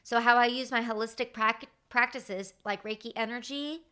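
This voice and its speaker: A woman in her thirties hosting a podcast, telling stories in a casual, chatty way with many fillers and growing loud and animated when she retells a conflict. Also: a little high, normal speed, smooth. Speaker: podcast host. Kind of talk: casual storytelling monologue.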